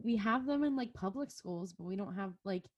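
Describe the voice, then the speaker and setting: A woman's voice: medium pitch, expressive, a crowd in the background. A young woman hosting a casual podcast chat, filling her talk with "like" constantly. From California. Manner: says "like" constantly, drawn-out filler-heavy talk. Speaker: podcast host.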